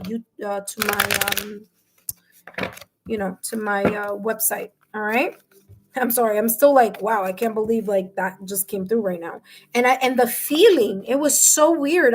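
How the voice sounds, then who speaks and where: A woman's voice: on the high side, background noise. A woman hosting a live tarot stream, chatting effusively with viewers and reading their comments aloud. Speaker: tarot reader and livestream host.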